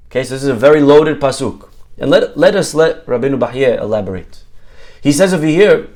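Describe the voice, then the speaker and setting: A man, a rabbi, giving a lively Torah lesson to a live group, quizzing his listeners and repeating key words. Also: mid-range voice, fairly quick. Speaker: rabbi teaching a weekly Torah class.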